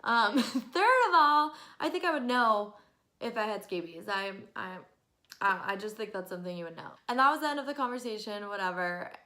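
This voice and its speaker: A woman in her twenties telling stories to camera in an animated, exasperated way, often breaking into laughs. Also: medium pitch, moderate pace. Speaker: vlogger. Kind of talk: casual storytelling to camera.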